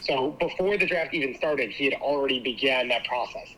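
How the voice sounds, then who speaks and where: A man calling into a podcast to air grievances, halting and repeating words, heard through a weak, quiet microphone. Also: medium pitch, low-quality recording. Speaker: caller. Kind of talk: casual podcast chat. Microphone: weak, quiet phone mic. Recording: quiet call line with faint noise.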